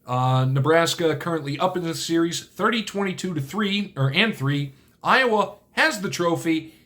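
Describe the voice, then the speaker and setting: A man's voice: a little high, expressive, moderate pace, pushed and bright. A man hosting his own video channel, talking casually in a rambling way, often correcting himself and adding dry asides. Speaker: channel host. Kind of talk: casual solo video talk.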